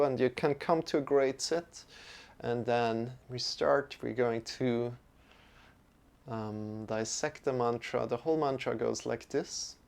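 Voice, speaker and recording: A man leading a yoga lesson, speaking in a relaxed, friendly way with some fillers as he explains what comes next. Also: medium pitch, gravelly. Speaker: yoga teacher. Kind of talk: guided yoga and mantra chanting lesson.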